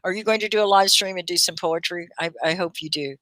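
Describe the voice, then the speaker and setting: Bright-voiced encouraging woman teacher. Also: lowish voice, a little hiss or hum. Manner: encouraging, praising learners by name; models words slowly, syllable by syllable. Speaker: ESL teacher and live-stream host. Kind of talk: live-stream English lesson.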